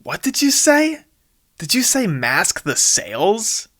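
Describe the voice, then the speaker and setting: A man voicing a flustered young male sidekick who keeps asking high, disbelieving questions. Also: huge pitch swings, slow pace, fairly bright tone, full character voice. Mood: baffled.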